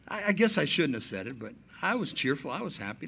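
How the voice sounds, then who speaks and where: A male pastor preaching a sermon, animated, telling stories and acting out dialogue. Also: a little high, fairly quick, gravelly, breathy edge.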